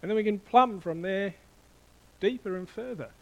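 Middle-aged male pastor, high voice, lively sermon delivery with quick questions to the congregation. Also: gravelly, low-quality recording. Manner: animated, playful with the congregation, asking questions.

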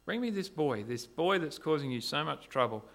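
Calm earnest teacher pleading to be understood, a bit gravelly, as a preacher voices him. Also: male voice, on the high side, normal speed.

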